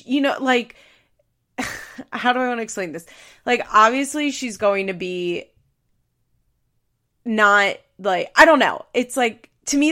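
A woman's voice: mid-range voice, vocal fry, fairly bright tone. A woman hosting a podcast, giving casual commentary in a chatty way full of fillers. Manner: chatty, heavy on fillers like "like" and "you know". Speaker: podcast host.

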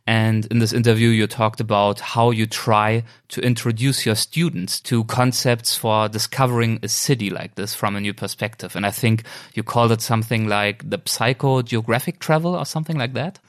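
A man interviewing a guest, asking long measured questions. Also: on the low side, no echo, studio quality.

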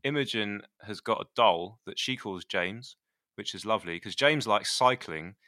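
A man co-hosting a podcast, telling stories in a lively way and laughing often. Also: fairly low pitch, moderate pace, no echo, clean studio sound. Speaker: podcast co-host. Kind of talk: casual podcast chat.

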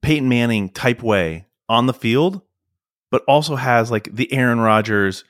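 A man's voice: medium pitch, unhurried, no echo, studio quality. A man co-hosting a podcast, chatting playfully about sports and pop culture, often restarting his sentences. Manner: animated, stumbling restarts, playful. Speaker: podcast co-host.

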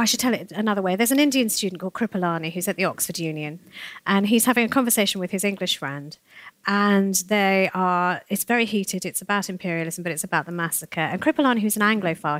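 Expressive woman telling a story, dry sound. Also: dry recording. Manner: expressive, acts out quoted voices with big pitch jumps. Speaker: author guest. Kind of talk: animated storytelling in conversation.

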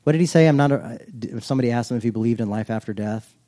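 A man preaching a casual, humorous sermon, chatty and self-joking, reading scripture slowly and deliberately. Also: medium pitch, warm tone. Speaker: pastor.

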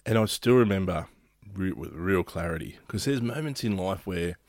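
A man's voice: low voice, animated, normal speed, darkish tone, no echo. An Australian man hosting a casual podcast chat, rambling with frequent restarts and laughing easily. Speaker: podcast host.

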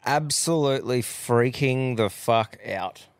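A laid-back man hosts a casual podcast and rambles through long, profane yarns. His voice is smooth and clear, recorded close and dry. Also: medium pitch, slow pace, dry recording. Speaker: podcast host.

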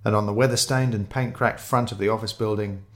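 A man's voice: on the low side, fairly even intonation, brisk. A man reading a first-person mystery story aloud, descriptive and wry in his storytelling. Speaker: narrator.

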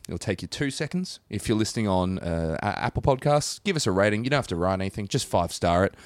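Lively Australian man swearing through banter. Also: on the low side, fast talker, no echo. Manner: lively, joking, swears freely. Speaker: podcast co-host. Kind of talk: casual crude banter.

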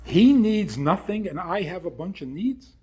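A man's voice: high-pitched, very animated, a little slow, darkish tone, slightly rough. A man giving a sermon-like talk, firing off rhetorical questions in short punchy phrases.

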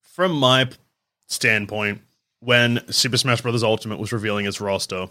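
A man's voice: on the low side, normal speed, sharp tone, dry recording. A man hosting a casual chat about games, with a dry, wry manner.

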